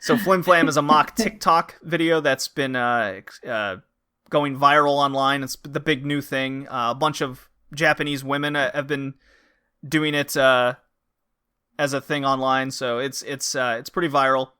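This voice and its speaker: A man's voice: medium pitch, a little slow, clear, resonant tone. A man hosting a podcast, recapping wrestling episodes in casual chat and acting out wrestlers' lines. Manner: animated, acts out wrestlers' lines in put-on voices. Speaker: podcast host.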